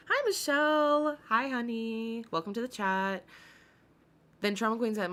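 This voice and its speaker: A woman's voice: on the high side, measured pace, sharp tone. A woman hosting a casual commentary stream, chatty and swearing freely as she greets her chat by name.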